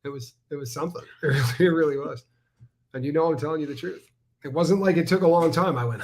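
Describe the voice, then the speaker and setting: A man's voice: fairly high pitch, quick pace. A man co-hosting a casual livestream chat, telling stories emphatically and acting out what others said. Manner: animated storyteller, emphatic, mimics others. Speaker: co-host.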